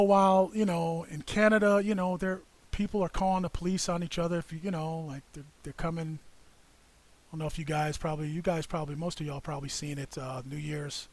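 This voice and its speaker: A man from the United States co-hosting a casual livestream, rambling, laughing often and reacting to viewer comments. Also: fairly high pitch. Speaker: livestream co-host.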